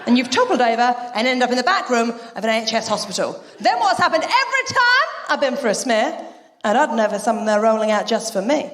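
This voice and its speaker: A stand-up comedian performs live on a theatre stage before a laughing audience, brash and sweary, quickly acting out the people in her stories. Her fairly high voice is sing-song and fairly bright, with roomy hall reverb from the venue.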